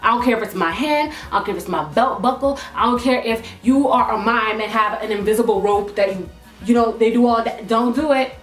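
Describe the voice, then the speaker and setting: A young woman from Toronto, vlogging and telling a story to the camera in an animated, emphatic way, full of asides. Her voice sits fairly high and echoes in a roomy space, with faint music in the background. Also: a little fast.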